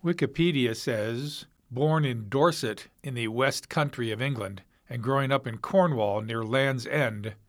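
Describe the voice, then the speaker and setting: A man narrating a documentary in a plain, even way, reading sources aloud. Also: mid-range voice, a little slow, few pauses.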